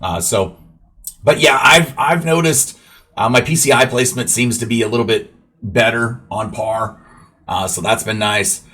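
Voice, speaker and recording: A man talks over his own baseball video game session in a loose, rambling play-by-play, scattering fillers as he explains his moves to viewers. His voice sits at an ordinary pitch with a husky, slightly rough edge. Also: normal speed, sharp tone. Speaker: gaming YouTuber. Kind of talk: gameplay commentary.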